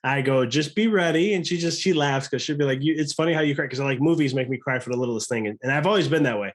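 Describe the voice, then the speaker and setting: A man's voice: medium pitch, fast. A man in his thirties, a guest on a podcast, talking casually and earnestly, with many restarts and quoted self-talk. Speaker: podcast guest, chiropractor and coach.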